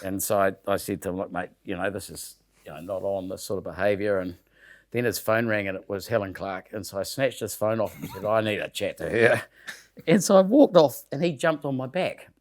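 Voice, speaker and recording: A man's voice: fairly low pitch, brisk. A man with a New Zealand accent telling a rambling, laughing anecdote in casual podcast chat, swearing casually as he goes. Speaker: show regular telling a story.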